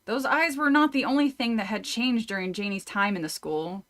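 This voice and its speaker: A woman's voice: fairly high pitch, normal speed, fairly bright tone. Chatty woman reading horror aloud. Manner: laughs often, wanders into tangents, swears casually. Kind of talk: casual read-through with chat.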